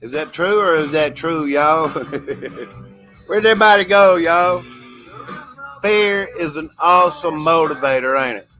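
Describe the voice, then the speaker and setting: With faint music behind him, a livestream host speaks in a slightly high, bright voice at a measured pace and with a forceful tone. He drawls casually to his viewers, laughs a lot, and keeps saying "y'all."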